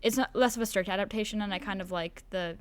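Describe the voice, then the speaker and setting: A teenage girl speaks in a smooth, clear voice at a middle pitch. She answers questions thoughtfully and chattily, pausing now and then with small fillers. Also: fairly even intonation, no echo. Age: teens. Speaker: student actor, interview guest. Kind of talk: casual chat on a school podcast.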